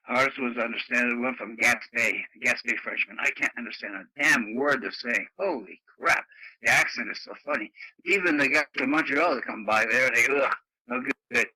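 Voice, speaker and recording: A man's voice: mid-range voice, normal speed, sharp tone, slightly rough, dry recording, rough recording. An older man from Canada chatting bluntly on a radio net, laughing often and using lots of fillers. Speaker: radio club member. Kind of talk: casual radio chat. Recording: dry radio audio.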